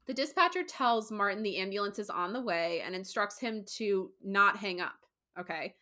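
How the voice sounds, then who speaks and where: A woman hosting a casual true crime podcast, telling the case in an animated way, with frequent swearing. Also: medium pitch, moderate pace. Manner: animated, swearing, mimics people in quotes.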